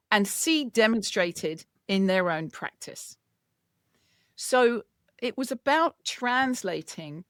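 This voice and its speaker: A woman author being interviewed, talking in a lively, chatty storytelling way. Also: mid-range voice, no echo, clean studio sound. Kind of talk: casual chat.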